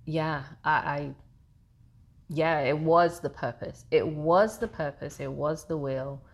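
Brief: woman, 30s, lower pitch, animated candid podcast guest who laughs a lot. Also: slow pace. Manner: animated, laughs often, repeats herself. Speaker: therapist guest. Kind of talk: casual podcast interview.

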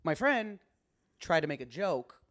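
A young man, a comedian guest, telling a story in casual podcast chat, with many stammered restarts and big jumps in pitch when he quotes himself. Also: very animated, measured pace, a bit bright, dry recording, studio quality.

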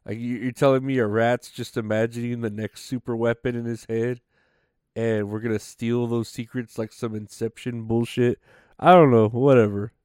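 A man's voice: mid-range voice, steady tone, moderate pace, a little mellow, clear, resonant tone, no room sound, studio quality. Rambling, foul-mouthed male podcast host. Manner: rambling, profane, full of fillers. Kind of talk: casual comedy podcast monologue.

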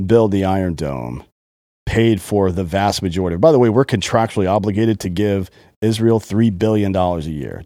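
A man's voice: low voice, lively intonation, normal speed, warm tone, no room sound, clean studio sound. A man co-hosting a podcast in casual chat, blunt and profane, talking with heavy emphasis. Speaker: podcast co-host.

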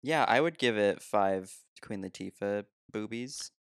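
A man's voice: lowish voice, measured pace, clear, resonant tone, no room sound, clean studio sound. A young man co-hosting a casual movie podcast, joking, swearing and laughing often. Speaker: podcast co-host.

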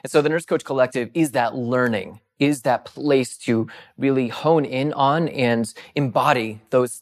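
A middle-aged man co-hosting a podcast, explaining things eagerly and quickly in casual chat. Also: mid-range voice. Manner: excited, rapid explaining. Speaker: podcast co-host.

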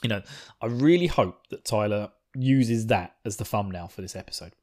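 A man hosting a podcast, chatting in a rambling, excitable way with laughs and swearing. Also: fairly low pitch, normal speed. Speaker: podcast host. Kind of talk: casual podcast chat.

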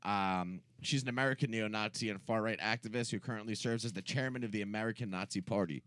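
A man's voice: on the low side, fast talker, fairly bright tone, no echo, studio quality. A man co-hosting a casual comedy podcast, rambling through jokes and laughing at his own bits. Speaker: podcast co-host.

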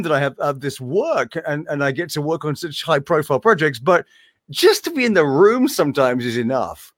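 A man's voice: fairly high pitch, moderate pace, no room sound, studio quality. A man who works as a voice actor, talking casually in an interview in a room hung with animation art. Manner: animated, slips between impressions.

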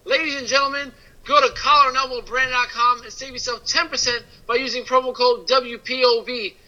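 High bright-voiced joking man. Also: steady tone, fairly quick, lo-fi sound. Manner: playful, joking, hypes sponsors. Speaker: podcast co-host. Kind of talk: casual chat and ad read.

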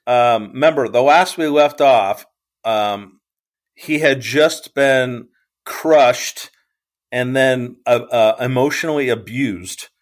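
A man's voice: medium pitch, takes it slowly. Rambling, hesitant man podcast co-host. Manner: rambling, hesitant, full of ums. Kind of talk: casual chat recap.

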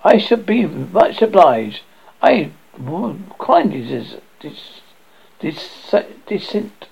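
A man reading aloud and voicing an agitated, excitable male lawyer who stammers, in a raspy, gravelly voice on a dull lo-fi recording. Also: fairly high pitch, takes it slowly, heavily acted.

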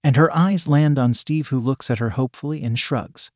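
A man with an ordinary middle-pitched voice reads a first-person story aloud in an even, matter-of-fact way at a moderate pace. The recording is dry and close, with no room sound.

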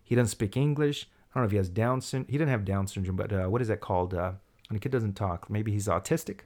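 A man casually telling a story, acting out the people in it with big jumps in his voice. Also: quick pace. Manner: animated, acts out quoted voices with big pitch jumps. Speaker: storyteller in a chat.

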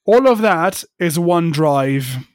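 A man's voice: a little high, animated, takes it slowly, dry recording, studio quality. A man co-hosting a casual tech podcast, ranting and swearing with sarcastic asides. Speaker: podcast co-host.

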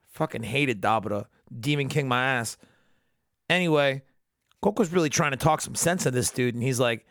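A man's voice: on the high side, dry recording, clean studio sound. A young adult man hosting a casual solo recap podcast, sarcastic and full of swearing and jokes. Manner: profane, sarcastic, jokey. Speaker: podcast host.

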